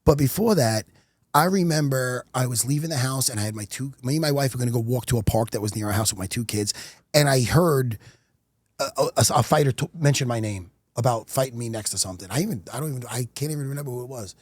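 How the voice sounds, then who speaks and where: A middle-aged man telling stories as a podcast guest, animated and profane. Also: mid-range voice, fast, no echo. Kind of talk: casual podcast chat.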